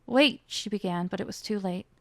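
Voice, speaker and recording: Woman with a gravelly voice reading fiction. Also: medium pitch, fairly even intonation, normal speed, darkish tone, dry recording. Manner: reads the characters' lines with rising emotion. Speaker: author reading her own book.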